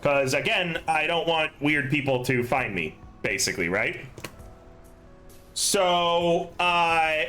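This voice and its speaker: A man's voice: on the high side, animated, slow pace, bright, forceful tone, faint music behind, poor audio. A man hosting a tabletop game stream, telling a long story in a loose, rambling way with many fillers, swears and laughs. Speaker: game master and stream host. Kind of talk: casual chat before a tabletop game.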